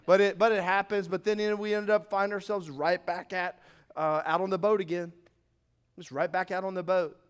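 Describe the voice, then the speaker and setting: A man's voice: high voice, little pitch movement, normal speed, clear, resonant tone. A man preaching a sermon as pastor, acting out scenes from the Bible with rising emphasis.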